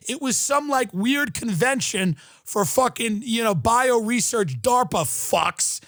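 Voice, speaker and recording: A man's voice: very high voice, lively intonation, unhurried, hardly any pauses, a bit bright, no room sound, studio quality. A man in his thirties hosting a podcast, ranting sarcastically in a mock-outraged comic style, swearing and acting out quotes. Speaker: podcast host. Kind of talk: comedic rant.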